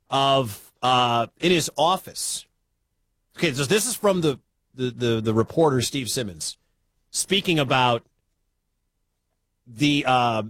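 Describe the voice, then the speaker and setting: A man's voice: mid-range voice, a bit bright, no room sound. A man from the Midwestern US hosting a sports talk radio show, chatty and incredulous.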